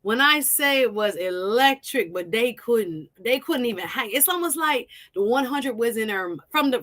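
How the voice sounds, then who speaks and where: Woman, Jamaican accent, lively sports vlogger, bright tone, bursts into shouts and laughs. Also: on the high side. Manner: animated, laughing, shouts in excitement. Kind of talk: excited casual commentary.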